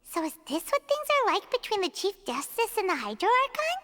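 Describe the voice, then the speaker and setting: A woman voicing a tiny, excitable female fairy companion in a game who speaks of herself in the third person. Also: very high-pitched, fairly quick, full character voice. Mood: excited. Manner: talks of herself in third person, eager, chirpy.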